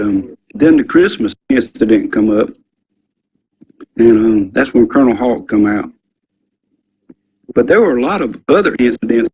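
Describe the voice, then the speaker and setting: An older man with a drawl tells his story in a loose, rambling way, filling pauses with ums and the odd curse word. His voice sits at an ordinary middle pitch. The recording sounds dull and lo-fi. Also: darkish tone, slight background noise. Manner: rambling, folksy, with frequent ums and mild swearing. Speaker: interview guest, former military security policeman. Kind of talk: casual storytelling recollection. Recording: dull lo-fi audio.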